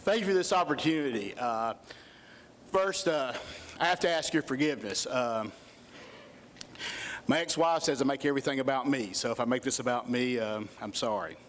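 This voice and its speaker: A man's voice: mid-range voice, moderate pace, a little hiss or hum. A middle-aged man gives a heartfelt induction speech as a coach. He speaks into a podium microphone in a school hall, building emphasis as he lists achievements. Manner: earnest, listing achievements with rising emphasis. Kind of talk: emotional ceremony speech.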